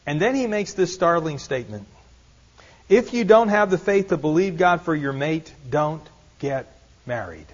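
A man's voice: on the high side, animated, moderate pace. A man preaching an earnest sermon, repeating rhetorical questions and adding light self-deprecating humor. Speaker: pastor. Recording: dull lo-fi sermon recording.

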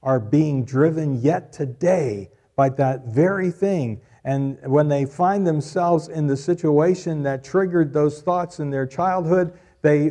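A man's voice: on the high side, unhurried, few pauses, mellow. A middle-aged man preaching a sermon, repeating key lines for emphasis and joking with the congregation. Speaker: pastor.

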